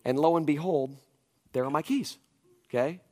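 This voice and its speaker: Pastor guy in his 40s preaching in a church, kinda high voice, animated storyteller, keeps checking in with the crowd. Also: normal speed. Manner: animated storytelling, emphatic asides. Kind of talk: conference sermon. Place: church auditorium.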